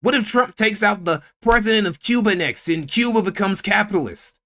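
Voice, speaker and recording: A man's voice: sits high, brisk, pushed and bright. A young man streaming and reacting to a clip in casual chat. He talks in a sarcastic, profane, rambling way.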